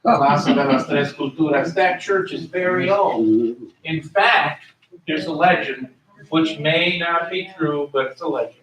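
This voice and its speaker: A man lecturing in a room with a lingering echo, his voice picked up from across the space. He speaks slowly and a touch high, going over each term again and spelling words out for the class. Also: a bit bright, slight background noise. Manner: explanatory, repeats and spells out terms. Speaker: history lecturer. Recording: echoey room, voice from a distance.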